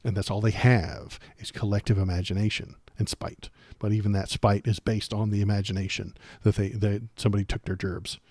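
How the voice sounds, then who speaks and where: A man with a fairly low voice hosts a political livestream, recorded close and dry. He rambles sarcastically, stumbling over restarts and fillers as he riffs. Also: little pitch movement, a little fast, hardly any pauses, darkish tone, dry recording. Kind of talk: casual political commentary.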